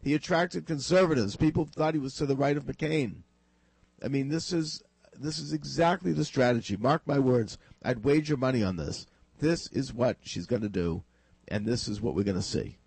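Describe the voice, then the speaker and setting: A male talk radio host with a tired, husky voice, emphatically laying out political predictions in casual chat. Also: medium pitch, moderate pace, a little mellow, no room sound, low-quality recording.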